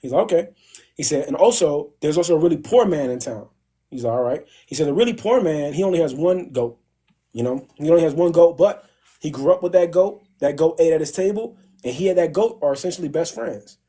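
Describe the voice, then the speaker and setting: Man, livestream host, slangy storyteller, husky, mellow, phone mic at home. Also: fairly high pitch, brisk. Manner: animated slangy retelling with acted quotes.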